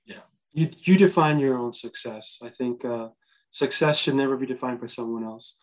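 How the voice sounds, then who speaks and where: A man speaks as a guest on an interview podcast. He gives earnest motivational advice, pausing and restarting often. His voice sits at an ordinary pitch. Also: low-quality recording. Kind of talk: interview conversation.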